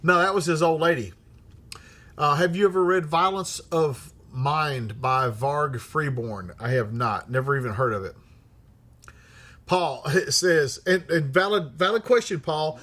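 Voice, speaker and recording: A man's voice: on the high side, a little slow, bright, forceful tone. A middle-aged man hosting a livestream, reading viewer comments aloud in a blunt, profane manner and laughing often. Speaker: livestream host.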